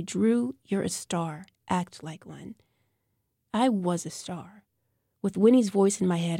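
Gravelly woman narrating a novel. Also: fairly low pitch, dark tone, no room sound, studio quality. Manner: tense, bitter inner monologue. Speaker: audiobook narrator. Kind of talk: scripted first-person narration.

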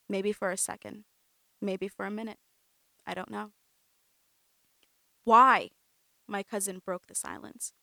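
Young woman reading her own story quietly. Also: mid-range voice, no echo. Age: young adult. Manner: quiet, reflective storytelling with sharp acted-out quotes. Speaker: narrator. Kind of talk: reading a personal story aloud.

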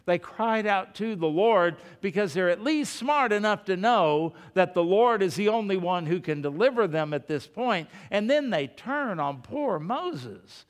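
A man delivers a sermon in a high, smooth, resonant voice, talking to his congregation like folks across the table and asking one rhetorical question after another. His words ring out with the long reverb of a large hall. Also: lively intonation, unhurried. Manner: conversational, full of rhetorical questions; addresses the congregation directly as folks. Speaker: preacher.

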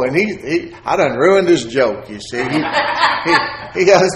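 A man's voice: medium pitch, expressive, a little slow. Folksy man telling a sermon story in an echoey church. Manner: folksy storytelling, acts out quoted voices. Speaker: preacher sharing testimony. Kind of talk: sermon testimony.

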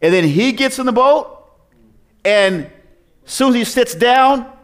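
A man's voice: very high voice, expressive, a little slow, fairly bright tone. A man preaching a sermon as pastor, telling the story in a conversational way with rhetorical questions and frequent restarts.

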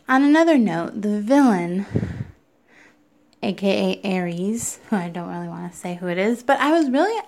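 A woman's voice: medium pitch, a little mellow. A young woman giving a casual, rambling film review, full of "like" and "um.". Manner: chatty, rambling, heavy use of "like". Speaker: movie reviewer.

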